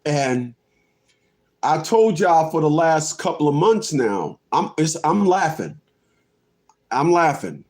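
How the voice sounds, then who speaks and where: A man's voice: fairly high pitch, big pitch swings, slow, long pauses, darkish tone. A man in his fifties ranting on a livestream, laughing often, repeating himself and cursing. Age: 50s. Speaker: livestream host. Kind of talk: rambling livestream rant.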